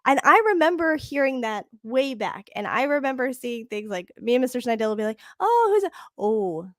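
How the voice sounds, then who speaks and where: A woman's voice: on the high side, brisk, no echo, studio quality. A woman co-hosting a podcast in casual chat, laughing often and searching for words. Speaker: podcast co-host.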